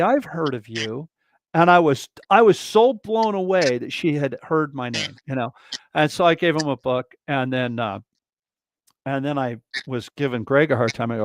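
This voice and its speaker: A man's voice: mid-range voice, a little hiss or hum. A man, a guest drummer, telling stories in a casual interview, rambling and acting out other people's lines. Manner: animated, acts out other people's lines in a raised voice; rambling, many restarts and fillers. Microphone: video call livestream mic.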